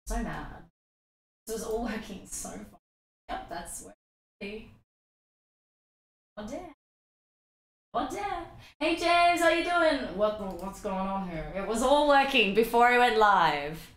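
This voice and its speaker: A woman's voice: mid-range voice, big pitch swings, unhurried, fairly bright tone, reverberant. A woman streaming a game live, chatting and swearing freely with her chat and sing-songing greetings, her voice a bit worn out.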